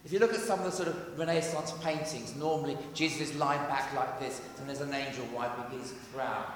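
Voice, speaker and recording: A man preaching a sermon in a church, earnest and emphatic, dropping to a hush for quoted voices. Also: medium pitch, brisk, slight background noise. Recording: echoey church, heard from a distance.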